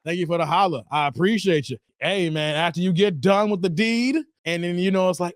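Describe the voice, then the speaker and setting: A man hosting a live reaction stream, joking, laughing and giving shout-outs to viewers in the chat. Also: high-pitched, brisk, dry recording, studio quality. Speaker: reaction video host. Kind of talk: casual live-stream commentary.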